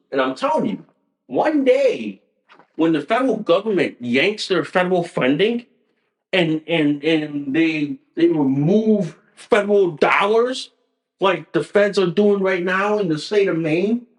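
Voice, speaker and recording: Profane ranting man, lively pitch. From Connecticut. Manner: profane, repetitive, combative. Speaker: podcast host. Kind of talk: ranting political commentary.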